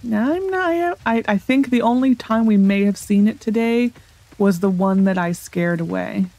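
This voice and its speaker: A woman hosting a let's play, chatting casually and thinking aloud as she corrects herself, recorded on a desk microphone set a little loud. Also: medium pitch, moderate pace. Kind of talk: casual gameplay commentary.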